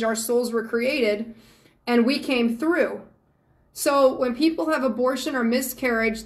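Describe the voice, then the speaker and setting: A woman from Georgia, hosting a live stream as a psychic medium and chatting earnestly and affectionately with viewers. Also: on the high side. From Georgia, USA.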